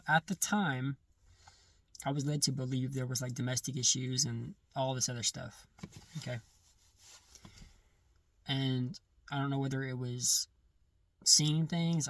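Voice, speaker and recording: A man recounting a personal testimony in casual first-person storytelling, halting and often restarting or correcting himself mid-sentence. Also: mid-range voice, dry recording, recorded from a distance.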